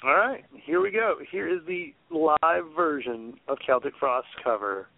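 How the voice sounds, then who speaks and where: Slow laid-back man on a tinny line. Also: fairly high pitch, big pitch swings, vocal fry. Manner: laid-back, introduces tracks, casual cursing. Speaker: co-host reviewing an album. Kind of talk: casual radio banter. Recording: tinny phone-like dry sound.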